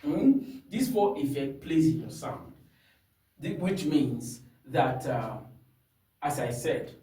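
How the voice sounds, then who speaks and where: Slow, high-voiced singing teacher. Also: male voice, expressive, mellow. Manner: instructive, checks in often with "hmm?" and "you understand?". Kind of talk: singing lesson with demonstrations. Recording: echoey room, mic far off.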